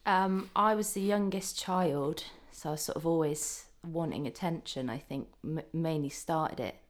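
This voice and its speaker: Thirtyish woman, lowish voice, chatty and self-deprecating, telling stories in a podcast chat. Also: unhurried. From England. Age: 30s. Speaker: guest actor. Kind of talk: casual chat.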